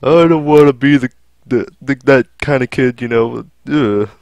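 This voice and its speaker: A man's voice: mid-range voice, normal speed, a little mellow, no room sound. A man co-hosting a casual podcast who makes sarcastic jokes and offers his own anime-viewing stories. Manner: sarcastic, joking interjections. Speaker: podcast co-host.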